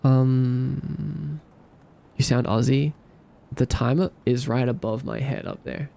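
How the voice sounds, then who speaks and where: Male streamer, fry in the voice, drowsy and rambling as he codes and chats with viewers. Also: medium pitch, slow pace. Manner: relaxed, rambling, thinks aloud, hums to himself. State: sleepy. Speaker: streamer coding a game. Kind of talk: casual live-stream chat while coding.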